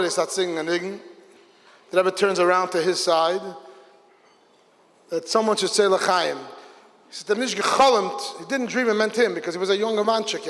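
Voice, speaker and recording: A man, a rabbi, telling a story at a Hasidic gathering, lively and acting out the people in it. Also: high-pitched. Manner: animated, voices characters in the story. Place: large hall with a gathered audience. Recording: long hall reverb.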